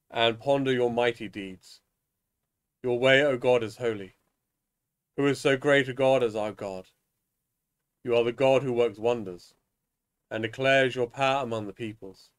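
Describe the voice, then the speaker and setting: Man reading psalms in measured tones. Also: medium pitch. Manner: measured, solemn reading with small stumbles. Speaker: minister leading evening prayer. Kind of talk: liturgical reading of psalms and scripture.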